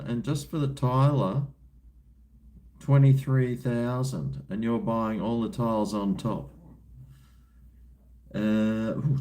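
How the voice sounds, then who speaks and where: Australian male streamer, relaxed unhurried delivery, mid-range voice, casual slangy chat. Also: mid-range voice. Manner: laid-back rambling, chuckles, crude slang. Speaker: livestream host. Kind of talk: casual livestream chat while drinking.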